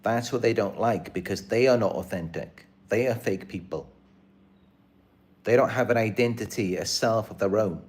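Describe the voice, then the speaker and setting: A man's voice: fairly low pitch, normal speed, a little mellow. A man hosting his own channel, talking to camera in an earnest, repetitive, aggrieved live-stream monologue. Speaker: channel host.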